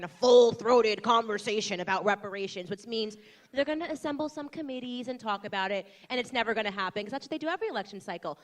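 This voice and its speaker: An American woman in her thirties giving a combative, rousing political speech to a crowd. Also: a little high. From United States. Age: 30s. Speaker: political commentator speaking to a crowd.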